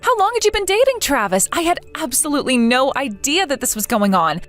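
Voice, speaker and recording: A woman's voice: high voice, very animated, fairly quick, fairly bright tone, soft background music. A synthetic woman's voice speaking as a hurt young woman in a text-message story, asking earnest, pleading questions. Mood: shocked.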